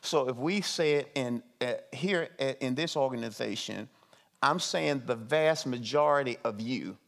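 A man leading a meeting as his organization's CEO, talking to his staff in a slow, emphatic way, repeating phrases and putting questions to them. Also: medium pitch, lively intonation, vocal fry, fairly bright tone.

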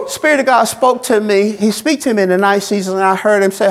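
A pastor with a high voice preaches a sermon at a quick pace with few pauses. His style is colloquial and folksy, repeating phrases in a call-and-response cadence.

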